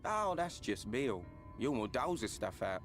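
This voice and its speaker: A man's voice: mid-range voice, sing-song, normal speed, soft background music, lightly acted. An actor playing a streetwise male informant with a Cockney accent, chatty and full of slang. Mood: wry.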